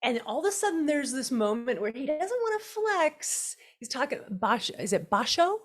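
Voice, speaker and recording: A woman's voice: sits high, big pitch swings, normal speed. Woman interviewer, super enthusiastic, voice really bouncy. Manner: enthusiastic, gushing. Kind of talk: conversational interview.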